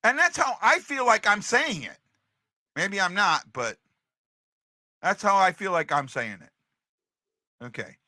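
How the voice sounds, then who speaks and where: A man's voice: high-pitched, big pitch swings, slow, pauses often, sharp tone, dry recording, studio quality. A man hosting a casual hockey livestream, chatting to his viewers and repeating himself as he talks. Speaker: hockey podcast host.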